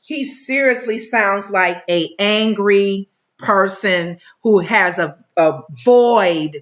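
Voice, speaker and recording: A woman co-hosting a casual chat show, chiming in with quick reactions and comments. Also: medium pitch, a bit bright. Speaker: co-host.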